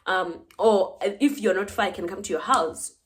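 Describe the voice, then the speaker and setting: Young South African woman, casual storytime vlogger, mid-pitched, dramatic and animated in her retelling. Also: moderate pace. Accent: South African English.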